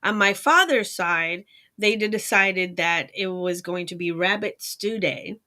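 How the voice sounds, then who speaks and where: A woman from Puerto Rico co-hosting a casual chat show, telling lively stories, acting out quoted voices and laughing often. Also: mid-range voice, measured pace. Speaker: co-host.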